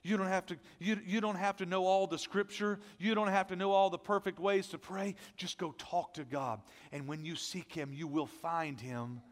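A man preaching a sermon as pastor, energetic and conversational, with self-deprecating asides, and without a deep voice. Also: normal speed, few pauses, big-room sound. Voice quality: not a deep voice.

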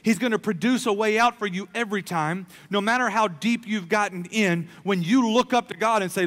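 Man, pastor, sermon, emphatic, soft-to-loud swings, long hall echo. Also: high voice, a little fast, few pauses.

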